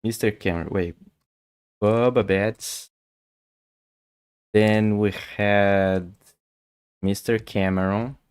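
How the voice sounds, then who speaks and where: A man's voice: on the low side, steady tone, takes it slowly, pauses often, a little mellow, smooth. A man, a Portuguese speaker, chatting casually with viewers on a chess stream, often stammering and repeating words. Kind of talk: casual livestream chat.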